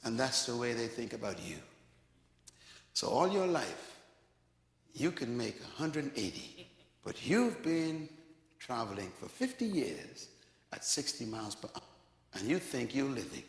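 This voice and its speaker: A man's voice: medium pitch, sing-song, measured pace, pauses often. A man preaching a sermon, telling a story dramatically and acting out the dialogue. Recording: echoey hall, long reverb.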